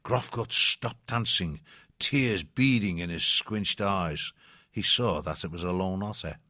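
A man reading a children's adventure novel aloud in a measured, expressive way. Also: low voice, dry recording, clean studio sound. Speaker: narrator. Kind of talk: audiobook narration.

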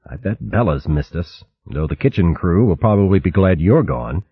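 A man voices a steady mouse warrior who speaks calmly with a touch of dry humor. The voice is a little husky and close, with a lively lilt. The recording sounds slightly muffled. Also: low voice, moderate pace, no room sound.

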